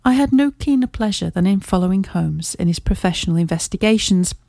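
A woman narrating a classic tale in a steady, measured way. Her voice is mellow and warm in tone, and the recording is dry and close-miked. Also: medium pitch, vocal fry, no echo. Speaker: audiobook reader. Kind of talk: scripted narration.

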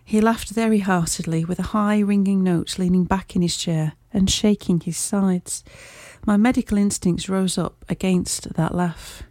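A woman narrating a classic first-person story as an audiobook, in a measured, clear storytelling manner. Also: medium pitch, steady tone, dark tone, no room sound.

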